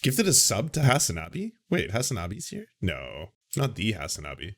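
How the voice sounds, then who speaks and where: A man's voice: lowish voice, huge pitch swings, normal speed. A man hosting a reaction show, commenting wryly on a clip and reading out chat. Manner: wry, reads chat aloud. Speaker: reaction channel host.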